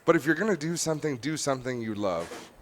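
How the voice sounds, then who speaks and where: A man's voice: mid-range voice, lively intonation, fast, a little hiss or hum. A man announcing at a race track, joking and bantering with his co-hosts in casual booth commentary over a headset mic.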